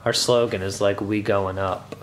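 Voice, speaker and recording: A teenage boy vlogging casually in his bedroom, excited and slangy, saying "like" a lot. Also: fairly low pitch, moderate pace, slight background noise. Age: teens. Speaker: YouTube vlogger and streamer. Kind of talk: casual vlog chat. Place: bedroom with a streaming setup, indoors.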